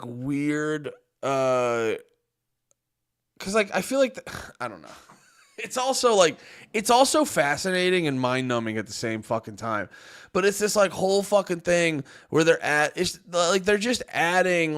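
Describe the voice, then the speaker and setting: A man's voice: on the high side, a bit bright. A man streaming casual reaction commentary, exasperated and profane, rambling with lots of fillers.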